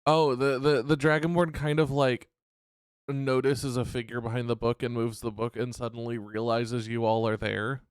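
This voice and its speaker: A man running a tabletop game as game master, describing scenes with a hesitant, descriptive delivery full of restarts. His voice is smooth and clear at a middle pitch, recorded close and dry. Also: flat delivery, normal speed, no echo.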